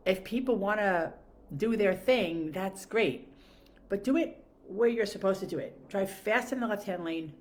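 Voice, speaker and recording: A woman telling exasperated, animated stories in a casual monologue rant, swearing freely. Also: medium pitch. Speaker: podcast host.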